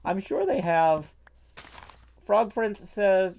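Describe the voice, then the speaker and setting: A man's voice: on the high side, expressive, normal speed, a little mellow. A man chatting playfully while streaming a game, his voice muffled by a mask. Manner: rambling, playful, jokey asides. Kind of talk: casual livestream chat while gaming. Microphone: mask worn over the face.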